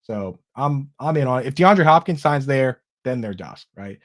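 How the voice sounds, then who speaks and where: Male panelist, average pitch, casual and blunt. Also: expressive, normal speed. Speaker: fantasy football analyst.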